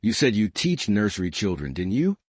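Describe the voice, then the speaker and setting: A man voicing a shrewd, gentle elderly spinster sleuth in a storybook reading, speaking softly and kindly. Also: fairly low pitch, sing-song, normal speed, husky, dry recording. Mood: gently probing. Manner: soft, kindly, probing.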